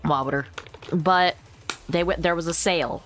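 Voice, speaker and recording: A woman's voice: on the low side, fairly even intonation, measured pace, a bit bright, faint music behind. Rambling, giggly woman streamer. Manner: rambling, laughing often, swearing casually. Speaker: livestreamer. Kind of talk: casual stream chat. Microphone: new desk microphone.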